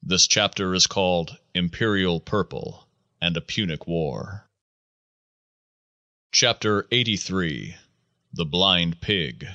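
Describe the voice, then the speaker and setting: A man with a low voice reads an audiobook in a slow, measured and solemn way. His tone is strikingly bright and cutting, with a smooth, resonant clarity. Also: expressive, dry recording, lo-fi sound. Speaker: audiobook narrator. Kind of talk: scripted audiobook narration.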